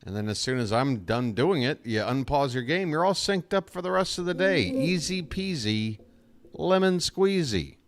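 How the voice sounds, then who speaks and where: A man's voice: medium pitch, a little fast, hardly any pauses, no echo. A man calling a baseball game as a fan streamer, chatty and self-deprecating, talking straight to his chat on a close desk microphone. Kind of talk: live fan play-by-play commentary.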